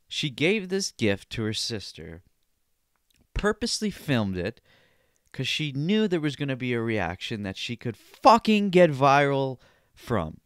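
A man's voice: a little high, no echo, studio quality. A man hosting a podcast, ranting with exasperated, profane commentary about a video and mocking the people in it. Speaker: podcast host.

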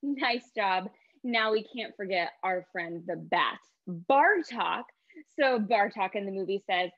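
A woman teaching artist leading a guided movement warm-up for children, upbeat and sing-song as she calls out each step. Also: medium pitch, animated, slow pace, dry recording, dull audio. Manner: upbeat, sing-song, leads call-and-response with voices.

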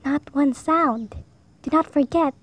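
A woman's voice: high voice, takes it slowly. A woman doing Ozzy, a pleading young otter boy. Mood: hushed. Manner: pleading, earnest. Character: young male otter schoolboy, earnest and pleading.

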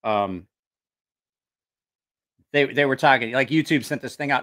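A man's voice: medium pitch, a little slow, pauses often, a bit bright. A man hosting a casual live stream who rambles, swears freely and loses his train of thought. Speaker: knife channel livestream host. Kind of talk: casual livestream chat.

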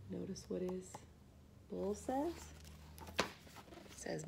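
A woman therapist reads a children's picture book aloud at a very slow, unhurried pace. She talks gently, pausing to ask questions and dropping to a hush now and then. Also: medium pitch, very animated, gravelly, slightly rough. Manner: gentle, asks the listener questions. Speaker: family therapist.

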